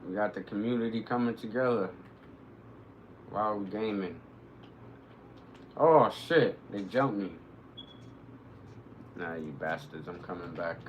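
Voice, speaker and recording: A man streaming live, commenting on his gameplay, who bursts into excited, cursing shouts at the action. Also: fairly low pitch, unhurried, pauses often, a little hiss or hum, poor audio. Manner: excitable, swearing, shouting reactions to the game.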